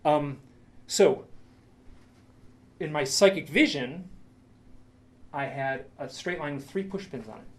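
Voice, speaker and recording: A man's voice: a little high, slow, long pauses. A man presenting a lecture with slides, telling a story with enthusiasm, many restarts and asides.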